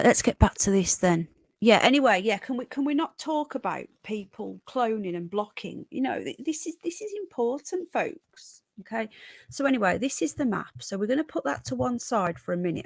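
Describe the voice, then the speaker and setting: A woman's voice: lowish voice, gravelly, no echo, clean studio sound. A woman hosting a casual livestream, chatting with viewers and thanking them by name. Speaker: livestream host.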